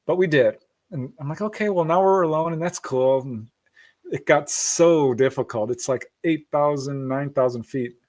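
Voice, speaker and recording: Animated, laughing male storyteller. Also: a little high, moderate pace. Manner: animated storyteller, acts out quoted voices, laughs often. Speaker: guest. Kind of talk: casual storytelling interview.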